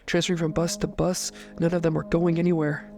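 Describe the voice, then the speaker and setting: Guy doing a jittery young college dude, voice sits a bit high, kinda rambling and anxious, creepy storybook vibe. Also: level tone, brisk, music in the background, close to an everyday voice. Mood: panicked. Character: panicked young male college friend.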